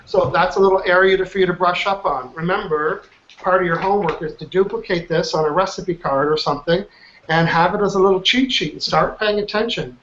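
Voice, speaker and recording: A man's voice: high voice, fairly quick, fairly bright tone, a little hiss or hum. Upbeat man teaching over a video call. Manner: upbeat, chatty, asks class for feedback. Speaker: trainer leading an online class. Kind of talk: live online coaching class. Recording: muffled online call audio.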